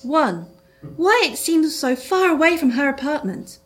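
A woman's voice: sits high, big pitch swings, a little slow, noisy background. A woman reading her own comic detective story aloud to a live audience, with a dry delivery.

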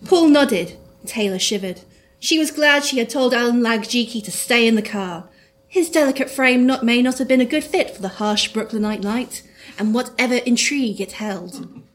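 A woman's voice: on the high side, moderate pace. A woman reading her own comic detective story aloud to a live audience, with a dry delivery.

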